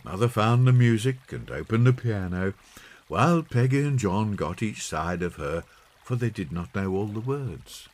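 A man reading a children's story aloud in an expressive, unhurried way. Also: fairly low pitch. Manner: slow, lively expressive reading. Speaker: audiobook narrator. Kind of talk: storybook narration.

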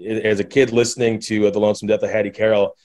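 A man's voice: fairly low pitch, little pitch movement, fast talker, darkish tone. A man hosting a podcast interview, asking long rambling questions with many restarts.

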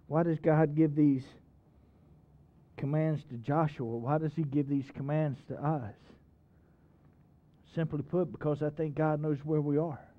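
A man's voice: a little high, narrow, tinny audio. A male pastor preaching a sermon in a church, folksy and emphatic, asking the congregation questions. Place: church sanctuary.

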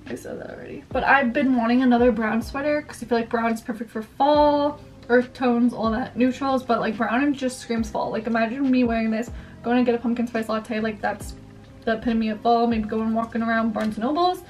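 This young woman vlogger rambles chattily through a casual haul, saying "like" constantly. Her voice is a little high and brisk with a steady tone. She sounds a bit off-mic, as if far away, and faint music plays behind her.

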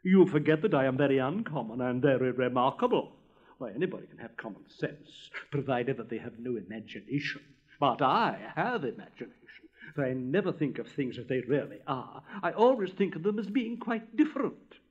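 A man's voice: mid-range voice, expressive, moderate pace, breathy edge, muffled recording. A man voicing a vain, pompous male firework rocket with a haughty, theatrical manner. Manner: haughty, self-pitying, theatrical.

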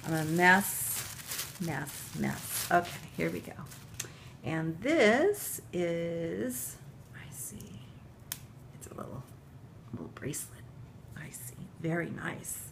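A middle-aged woman unboxing handmade baby clothes for her video channel, gushing and tearful, often dropping to a breathy whisper. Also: lowish voice, animated, takes it slowly, pauses often, a bit bright, slight background noise. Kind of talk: emotional unboxing chat to camera.

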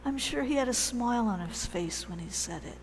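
A woman preaching a sermon in a church, telling the story in a conversational, animated way with pauses. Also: fairly high pitch, long reverb tail, slight background noise.

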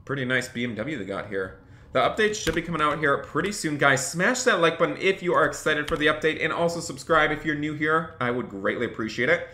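A bright, forceful male streamer chatting casually to his viewers while playing, thanking donors and growing flustered as orders pile up. The sound is roomy and echoey, with keyboard clicks. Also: a little high, lively intonation, brisk. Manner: chatty, reads out viewer donations, gets flustered and overwhelmed. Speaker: gaming streamer. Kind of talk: live-stream commentary while role-playing a restaurant worker.

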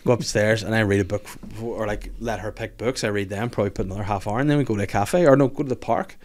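A man in his thirties chats on a podcast at a rapid clip, his voice sitting low. He swears freely, jokes around and rambles, tripping over restarts as he goes. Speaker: podcast host. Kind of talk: casual podcast chat.

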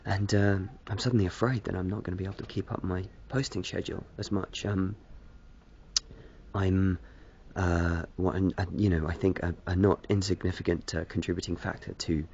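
A man's voice: low-pitched, steady tone, moderate pace, vocal fry, a little mellow, dull audio, a little hiss or hum. A man rambling hesitantly to camera in a casual vlog, self-deprecating, smoking as he talks. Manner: smoking a cigarette while talking. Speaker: video blogger.

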